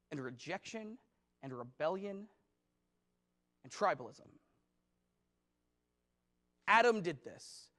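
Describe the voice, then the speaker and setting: A man's voice: sits high, a bit bright. A man preaching a conversational sermon as pastor, talking casually and rambling with many fillers.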